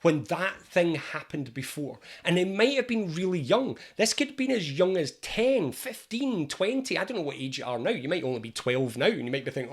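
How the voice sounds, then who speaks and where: A man, an anxiety coach, explaining anxiety in a lively storytelling monologue. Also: on the high side, moderate pace, hardly any pauses, slightly rough. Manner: lively, storytelling, acts out scenes.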